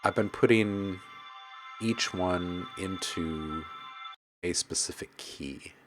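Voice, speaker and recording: A man's voice: deep voice, slow. A man hosting a casual live stream about making music, joking with his chat, reading their messages aloud and laughing often. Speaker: livestream host and music producer.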